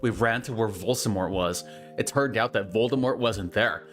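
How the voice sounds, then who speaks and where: A man hosting a comedic reading of fanfiction aloud, mock-serious and deadpan, with sarcastic asides. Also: on the low side, normal speed, soft background music.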